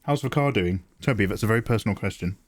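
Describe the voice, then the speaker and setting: A middle-aged British man hosting a livestream, chatting casually with viewers and answering them with quick jokes and asides. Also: on the low side. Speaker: livestream host. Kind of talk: casual chat with viewers while drawing.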